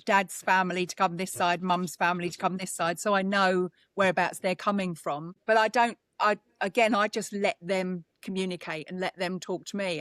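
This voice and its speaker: A woman's voice: medium pitch, a bit bright, dry recording. Earnest British woman, dry sound. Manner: earnest, emotional, talks with many restarts. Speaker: psychic medium guest. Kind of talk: conversational interview.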